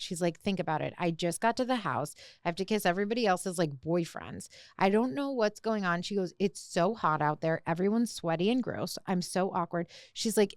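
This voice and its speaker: Young woman, podcast co-host, smooth clear voice, dry close mic, chatty recap style. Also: medium pitch, no room sound. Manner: animated recapping, heavy use of "like". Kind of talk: casual chat.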